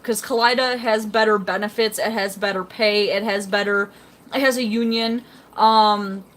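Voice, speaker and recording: A woman's voice: on the high side, a bit bright. A young woman chatting casually on a live stream, rambling and reading out chat comments beside her fish tank at home. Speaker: fish-keeping livestreamer.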